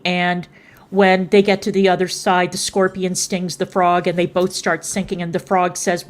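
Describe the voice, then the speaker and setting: A woman's voice: lowish voice, flat delivery, measured pace. A woman streamer scolding someone in heated livestream commentary, contemptuous and swearing freely.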